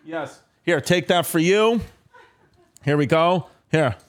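A man's voice: fairly high pitch, slow pace, crowd noise. A man hosting a podcast, rambling and joking in casual chat with plenty of fillers. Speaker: podcast host.

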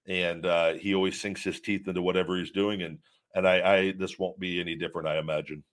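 Casual live-stream host, male, lowish voice, candid and rambling, answers chat questions off the cuff. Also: level tone, a little fast.

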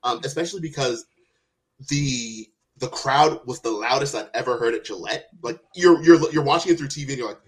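A man co-hosting a casual sports podcast, animated and swearing as he relives a game. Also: medium pitch, brisk. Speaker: podcast co-host.

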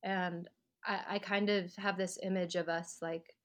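A lowish-voiced woman speaks from her living room, recounting a hard stretch of her life. She is reflective and open, and brightens when she acts out the voices of the people she quotes. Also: level tone, unhurried. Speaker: podcast guest, actor and writer. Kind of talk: personal storytelling in an interview.

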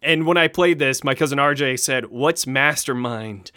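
A man co-hosting a podcast about board games, chatting in an animated, enthusiastic way. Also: on the high side, a little fast, clean tone, no room sound, clean studio sound. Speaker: podcast co-host. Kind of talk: casual chat.

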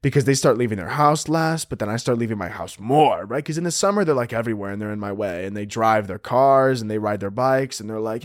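A man's voice: lowish voice, lively intonation, fast talker, few pauses, no echo, clean studio sound. A man hosting a comedy podcast, ranting in a crude, over-the-top, absurd way and saying "dude" a lot. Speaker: podcast host. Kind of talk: comedic solo podcast rant.

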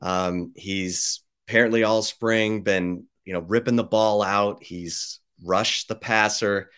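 A man hosting a podcast with a smooth, clear voice that sits a little low. He talks conversationally, mixing quick asides with folksy phrases. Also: level tone, a bit bright. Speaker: podcast host. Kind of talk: casual interview talk.

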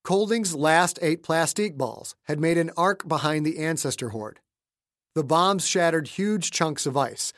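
A man narrates a thriller audiobook with dramatic delivery. His voice sits a bit high, and he shifts between hushed and shouted lines. The close studio recording is dry. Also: no echo. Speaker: author and narrator.

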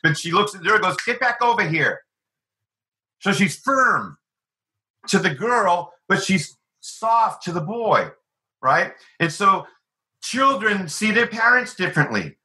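Man, author guest, very sharp tense tone, slightly high, animated storytelling. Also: a little slow, low-quality recording. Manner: animated, acts out quoted voices. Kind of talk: conversational storytelling.

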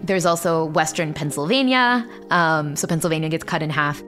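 A woman from Central Ohio with a Midland accent explains things as a guest in an interview. Her voice sits a little low, and her tone is casual and explanatory. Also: expressive, normal speed, a bit bright, faint music behind. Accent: Midland American. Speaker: linguistics professor guest.

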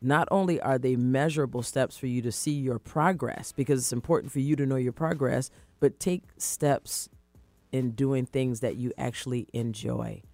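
A woman hosting a motivational radio talk show, talking in an animated, encouraging way and acting out her own past thoughts. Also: a bass voice, normal speed, dry recording, faint music behind. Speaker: radio show host, life coach. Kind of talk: casual motivational radio chat.

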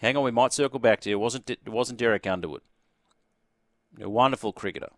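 A jovial Australian man hosts a cricket quiz on sports radio. His voice sits in a middle pitch range and comes through close and dry, with no room sound. He keeps the talk light and chatty between callers. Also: quick pace, dry recording. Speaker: radio host.

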